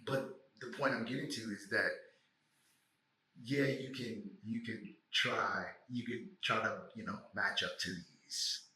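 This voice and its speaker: A man hosting a podcast, a doctoral student, talking in a reflective, measured way with some slang. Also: lowish voice, sharp tone. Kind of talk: casual conversation. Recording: echoey room.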